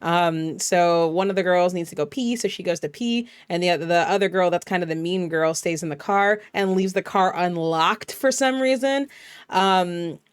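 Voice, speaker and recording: A woman VTuber host in a casual vlog, recapping a horror film with profane, animated storytelling full of fillers. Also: on the low side, normal speed, clear, resonant tone, dry recording, studio quality.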